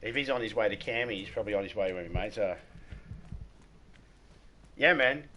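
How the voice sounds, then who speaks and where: A man's voice: on the low side, moderate pace, pushed and bright, dull audio, slight background noise. A man with an Australian accent hosting a casual gaming livestream, rambling, repeating words and laughing at his own stories. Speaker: livestream host.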